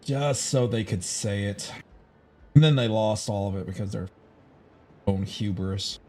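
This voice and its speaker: A man's voice: on the low side, a little slow, dark tone. An American man streaming a game, musing aloud in a rambling, casual way with many fillers and some swearing. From United States. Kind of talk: casual live-stream chat while playing.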